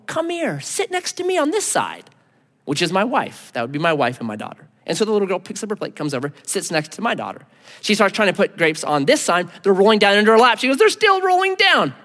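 A middle-aged man preaching a sermon in a conversational, animated way, acting out quotes with a raised voice. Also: on the high side, big-room sound. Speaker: pastor.

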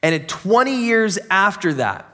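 A man's voice: high-pitched, big pitch swings, a little slow, pushed and bright. A young man preaching a sermon in an enthusiastic, conversational, joking way. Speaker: pastor.

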